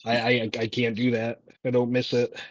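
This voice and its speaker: Laid-back guest, man in his thirties, chatty and rambling, flat lo-fi dry mic. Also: medium pitch, normal speed, no room sound. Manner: chatty, rambling, laughs easily. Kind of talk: casual livestream chat.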